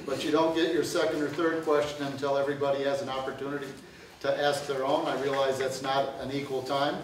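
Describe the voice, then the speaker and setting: Speaking briskly at a medium pitch with little variation, a man moderates a university event in a lecture room, giving announcements and introducing questions with hesitant fillers. With no microphone, he's recorded from far away, so the sound is roomy, distant, and noisy.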